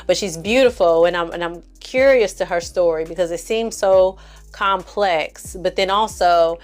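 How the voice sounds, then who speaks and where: Animated slangy woman recapping a show. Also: lowish voice, normal speed. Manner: animated, slangy, acts out characters' lines with exaggerated inflection; frequent fillers and asides to the audience. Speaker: film and TV reviewer. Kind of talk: casual episode recap and review.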